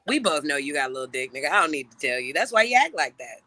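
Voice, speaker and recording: A woman, an interview guest, telling a story in casual, profane, animated talk and laughing often. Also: deep voice, fast, dry recording.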